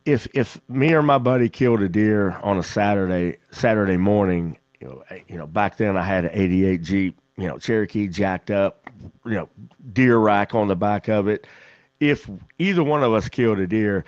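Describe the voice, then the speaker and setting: A man's voice: fairly low pitch, moderate pace, a little mellow, no echo, highs cut off. A man with a West Virginian accent, a podcast host telling folksy stories in casual chat and laughing often. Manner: folksy storyteller, laughs a lot.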